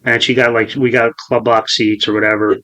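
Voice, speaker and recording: On a low-quality recording, a podcast host in his forties tells a profane, rambling story full of restarts in casual chat. His mid-range voice is level in tone, brisk, pushed and bright.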